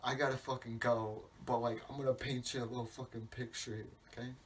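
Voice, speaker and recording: A man's voice: medium pitch, flat delivery, fairly quick, close to an everyday voice. A man voicing the sun as a weary male painter, talking in a casual, profane, offhand way. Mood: hurried. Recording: distant mic, faint background hiss.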